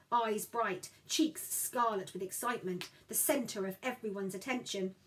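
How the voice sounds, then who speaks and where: A woman narrating a story in the first person, expressive and voicing each character. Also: medium pitch, low-quality recording. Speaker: audiobook narrator.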